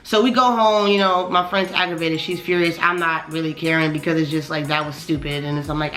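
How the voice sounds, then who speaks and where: A woman vlogger telling a casual storytime, slangy and animated, swearing often and repeating "you know what I'm saying" as she recounts an annoying night. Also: low voice, a little fast, hardly any pauses, faint music behind.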